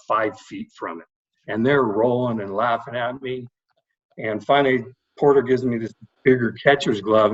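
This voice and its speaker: A man's voice: mid-range voice, dull audio. A middle-aged man, a baseball coach, telling anecdotes from his playing days in a casual podcast chat. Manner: animated anecdotes with fillers. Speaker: guest, baseball head coach.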